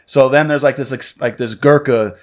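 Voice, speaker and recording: A man's voice: medium pitch, moderate pace. A man in his thirties, a podcast host, telling a story in a loose, profane chat and acting out what people said. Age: 30s. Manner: profane, animated storytelling with acted-out quotes. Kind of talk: casual chat.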